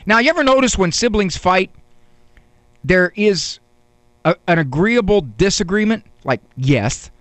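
A man telling a wry, deadpan story in a monologue, with dramatic pauses, as a counselor. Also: high-pitched, dry recording. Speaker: counselor and speaker.

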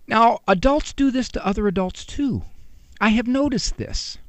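Radio talk host, middle-aged man, bouncy high voice, dry close studio sound. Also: lively intonation, fairly quick, dry recording. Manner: conversational, teasing, acts out quotes. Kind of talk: animated radio monologue.

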